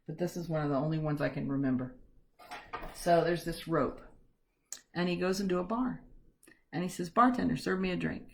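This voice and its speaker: A woman art teacher leads a step-by-step painting lesson from home. Her voice sits low with a gravelly fry. She talks in a chatty, self-deprecating way and slips in corny jokes. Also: steady tone, moderate pace, pauses often, darkish tone.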